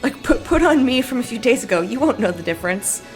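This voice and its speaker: A woman's voice: a little high, animated, quick pace, faint music behind. Sleepy, giggly woman streamer. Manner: giggly, rambling, reads chat aloud. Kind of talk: casual live-stream chat.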